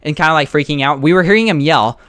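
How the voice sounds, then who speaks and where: A man's voice: a little high, quick pace, a bit bright, no room sound, studio quality. A young man casually telling a rambling story while playing a game and reacting to it. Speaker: gaming storyteller. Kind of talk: casual storytime over gameplay.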